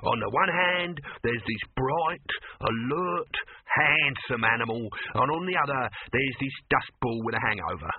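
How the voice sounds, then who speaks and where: A man voicing a pushy male showbiz huckster with oily, loud salesman patter and a husky voice, on a dry, tinny recording. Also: medium pitch, lively intonation, measured pace, few pauses. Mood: wheedling. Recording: dry, tinny phone-like sound.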